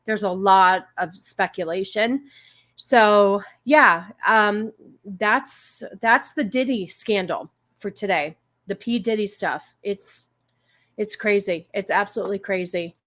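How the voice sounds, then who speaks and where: A woman's voice: mid-range voice, takes it slowly, fairly bright tone. Chatty woman hosting a livestream. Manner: chatty, rambling, many fillers. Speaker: livestream host. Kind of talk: casual livestream chat.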